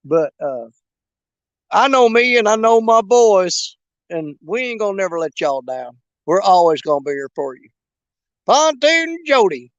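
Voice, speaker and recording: Man, high-pitched, casual joking livestream host by the riverbank, dry close sound. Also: expressive, moderate pace, no room sound, dull audio. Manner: folksy, joking, rambling with fillers. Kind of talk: casual live chat while bank fishing. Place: outdoors on a riverbank at dusk.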